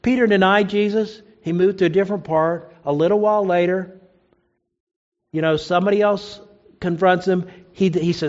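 A man preaches a sermon, retelling a story and acting out the quoted lines with rising pitch. His intonation is fairly even, his speed normal, and the recording sounds muffled.

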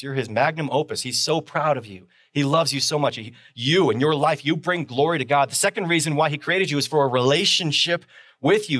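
A man's voice: mid-range voice, fairly bright tone, dry recording, clean studio sound. A man preaching a sermon as pastor on a live stream, talking conversationally and driving points home with repeated phrases and rhetorical questions.

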